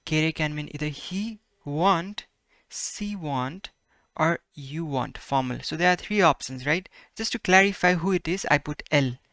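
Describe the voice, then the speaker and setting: A man teaching a casual language lesson, repeating example words slowly and checking in with "right?" and "perfect" after each phrase. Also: fairly high pitch, sharp tone, no echo, studio quality. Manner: slow, careful repetition of example words.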